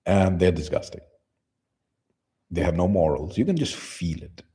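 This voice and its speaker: A man's voice: sits low, very animated, measured pace, mellow, breathy edge. A man hosting a casual commentary channel, reading posts aloud and reacting to them with blunt, profane, scornful remarks.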